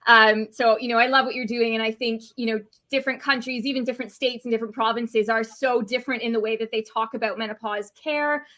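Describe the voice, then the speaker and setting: Bright-voiced Canadian woman guest. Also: fairly high pitch, steady tone, quick pace, few pauses. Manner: friendly, with frequent fillers like um and you know. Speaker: guest dietitian. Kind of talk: interview conversation.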